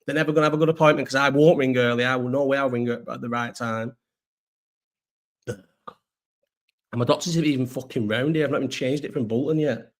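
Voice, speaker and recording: A man's voice: mid-range voice, quick pace. A young man chatting casually on a livestream, rambling and swearing, with a sore throat. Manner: rambling, sweary, restarts often. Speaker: host.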